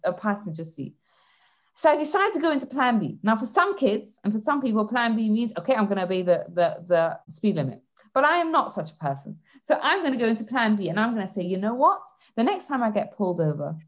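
A woman hosting a parenting podcast, explaining ideas through lively stories with frequent restarts. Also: fairly high pitch. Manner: animated storytelling with frequent restarts. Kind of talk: instructive podcast monologue.

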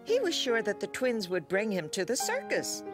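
A woman's voice: medium pitch, wildly swooping pitch, normal speed, over music. Woman narrating a cartoon storybook.

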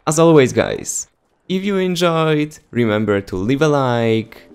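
Male gaming youtuber, Polish accent, lively sarcastic delivery, mid-pitched voice. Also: measured pace, soft background music. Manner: sarcastic and exasperated. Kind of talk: casual commentary vlog.

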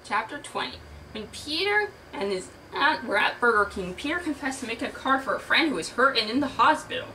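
A woman's voice: high voice, expressive, fairly quick, bright, forceful tone, slight background noise. A woman reading bad fan fiction aloud in character, with mock-dramatic, teasing asides. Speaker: reader in character. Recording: distant mic with music behind.

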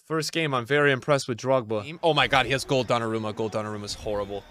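A young man giving live commentary on a football video game as he plays, swinging from mumbled asides to loud outbursts. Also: mid-range voice, quick pace, a little hiss or hum. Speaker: gaming streamer.

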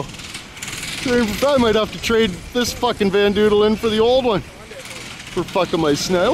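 A man's voice: sits high, measured pace, pauses often. A man filming his friends outdoors, cursing and laughing as he comments. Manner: excitable, swearing, laughing. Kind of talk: casual profane commentary. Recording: noisy outdoor recording, vehicles.

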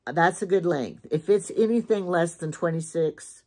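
An older woman with a low-pitched voice talks in a loose, chatty way. She rambles and repeats herself, thinking aloud as she goes through her shopping haul. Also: moderate pace, warm tone. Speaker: shopping vlogger. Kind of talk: casual chat.

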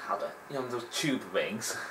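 A man's voice: medium pitch, expressive, normal speed, vocal fry, noisy background. A man hosting a let's play, chatting in a rambling, digressive way and laughing often while he plays. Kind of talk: rambling gameplay commentary.

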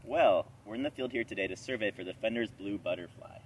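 A man working as a plant technician, calmly explaining things in an outdoor field interview. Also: on the low side, fast, slight background noise. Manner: calm, matter-of-fact explaining. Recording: distant outdoor recording, faint ambience.

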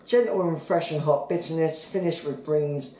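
A man co-hosting a casual beer tasting podcast, who reads the labels out haltingly and stumbles over the words. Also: fairly high pitch, dark tone, roomy sound, rough recording. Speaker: podcast co-host.

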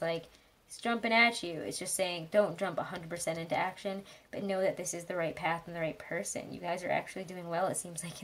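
Chatty low-voiced woman reading tarot. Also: a little hiss or hum. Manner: chatty, rambling, frequent fillers and soft laughs. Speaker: tarot reader.

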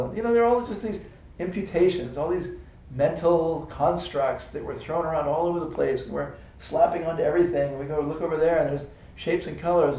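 A man with a warm voice on the high side teaches a casual dharma class on Buddhism. He's chatty, laughs often, and checks in with "right?" and "you know"; the live-stream audio is dull, echoey, and faintly hissy.

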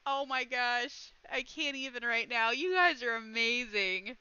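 A woman's voice: fairly high pitch, measured pace, few pauses, sharp tone, smooth, no room sound, dull audio. A woman streaming casually, chatting to her viewers and gushing thanks, close to tears. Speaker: streamer hosting Bible study. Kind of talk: casual livestream chat.

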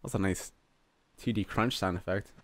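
On a dry recording, a young let's-play gamer with a low voice talks at a moderate pace through a role-playing game, cursing frequently and laughing or crying out at surprises.

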